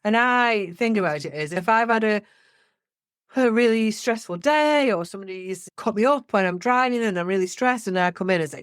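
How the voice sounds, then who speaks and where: A woman's voice: mid-range voice, animated, moderate pace, clear, resonant tone, no echo, studio quality. Woman agreeing on a podcast. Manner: warm and agreeing, acts out everyday examples. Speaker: play therapist, podcast co-host. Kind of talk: reflective podcast conversation.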